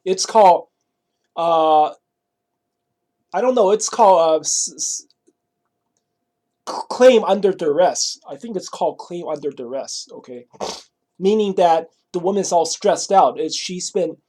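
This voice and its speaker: A man's voice: high voice, unhurried, pauses often, warm tone. Casual profane man telling a story. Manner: casual, profane, keeps asking "right?" and "you know?". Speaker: vlogger. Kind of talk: rambling storytelling monologue.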